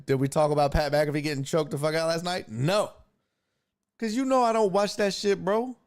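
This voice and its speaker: A young man hosting a casual sports podcast, joking around and cursing freely. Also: on the high side. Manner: profane, animated, joking. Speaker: podcast host.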